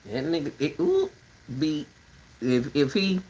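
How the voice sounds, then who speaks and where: A woman hosting a casual rambling chat, animated and talkative, turning between her dogs and her viewers. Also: sits low, moderate pace, lo-fi sound. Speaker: commentary channel host.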